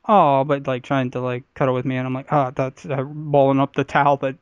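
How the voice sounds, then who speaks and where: A man's voice: mid-range voice, flat delivery, fast, smooth, dry recording, lo-fi sound. A man hosting a podcast, telling a crude story in casual chat and laughing often as he goes. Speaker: podcast host.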